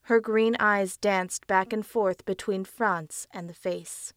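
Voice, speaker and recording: A woman narrating a dark audiobook story in a measured storytelling voice. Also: mid-range voice, fairly even intonation, no room sound, clean studio sound. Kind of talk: scripted narration.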